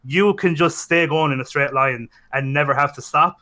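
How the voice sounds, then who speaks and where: A man's voice: a little high, moderate pace, bright, forceful tone. A young man in casual podcast chat, rambling and correcting himself, enthusiastic about games. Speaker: podcast co-host.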